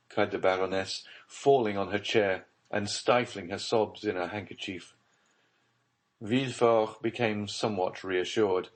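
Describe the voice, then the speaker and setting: A man narrating a classic novel as an audiobook in a measured, low-key dramatic reading.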